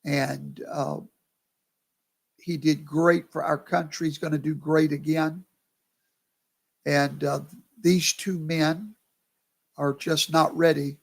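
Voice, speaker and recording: Male pastor, worn out, drawling slow with a gravelly edge, chatty with his viewers. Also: fairly high pitch, fairly even intonation. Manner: chatty, talks to viewers by name. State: tired, yawning. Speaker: pastor hosting a livestream. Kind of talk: casual live commentary.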